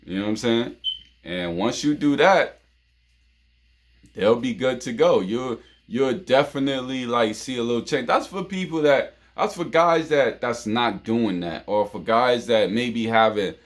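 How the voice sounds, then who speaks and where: A man's voice: mid-range voice, a little slow. Man giving casual relationship advice. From New York. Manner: informal, repeats himself, lots of "you know what I'm saying". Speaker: show host.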